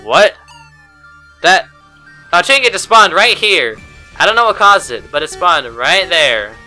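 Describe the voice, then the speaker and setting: A man commentating a let's play of custom game levels, muttering to himself and breaking into loud, swearing outbursts of frustration. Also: sits high, big pitch swings, measured pace, faint music behind.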